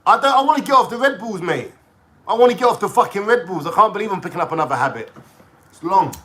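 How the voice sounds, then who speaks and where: A man ranting casually on a livestream, swearing and talking in an excitable way. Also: on the high side. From London.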